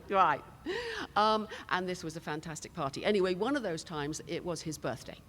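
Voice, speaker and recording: A woman's voice: lowish voice, moderate pace, fairly bright tone. Chatty older British woman telling stories. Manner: chatty, storytelling with laughs and asides. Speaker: conference panelist. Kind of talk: anecdotal conference talk. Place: conference hall stage. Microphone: handheld microphone.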